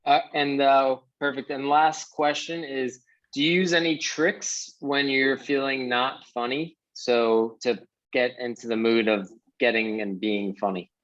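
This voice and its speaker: A man hosting an online comedy class, reading out the students' questions with many halting fillers. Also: medium pitch, steady tone, fairly bright tone, dull audio. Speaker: class host.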